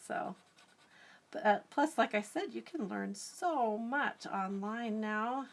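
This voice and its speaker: A woman's voice: on the high side, slow pace, vocal fry, pauses often. A middle-aged woman artist chatting casually on a live stream, giggling often and answering viewer comments as she draws. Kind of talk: casual live-stream chat while drawing.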